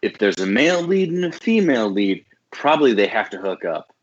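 A man with a low voice that swings up and down, easygoing and wry on a movie podcast. His audio sounds dull and muffled. He gives his opinions loosely. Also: sing-song, a little fast, husky. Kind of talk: casual movie-review chat.

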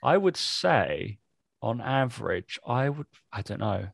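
A man's voice: mid-range voice, sing-song, slow pace, gravelly, no echo. A man co-hosting a podcast in casual, teasing chat that rambles between jokes. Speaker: podcast co-host.

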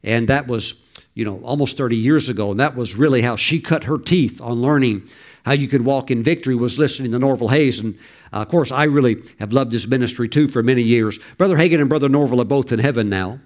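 A man's voice: mid-range voice, fast. A middle-aged male pastor preaching a sermon, telling stories and urging his listeners on with fervor. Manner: storytelling preacher who exhorts and laughs loudly.

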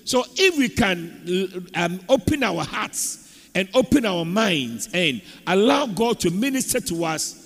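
A man preaching a sermon, his high voice swinging widely up and down. He speaks slowly and draws his words out, pausing to call for amens. The sound carries a long reverb from a large church hall. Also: big pitch swings, fairly bright tone. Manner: preaching, calls for amens from the congregation. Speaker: pastor.

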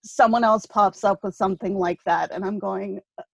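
A middle-aged woman guest telling dating stories in lively casual chat. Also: medium pitch, moderate pace, creaky, breathy edge, dry recording, lo-fi sound. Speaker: guest, author.

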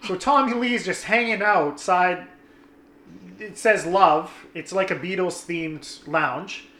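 A young man tells a story with animated swearing and plays his friends' lines as he goes. His voice is bright and a little high, and the room gives it a clear echo. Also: slow. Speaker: guest telling a story. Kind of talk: casual storytelling.

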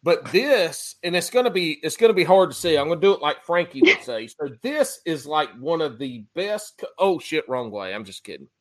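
Animated joking man host. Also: a little high, normal speed, hardly any pauses. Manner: animated storyteller, swears freely, jokey. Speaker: podcast host. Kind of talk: casual chat.

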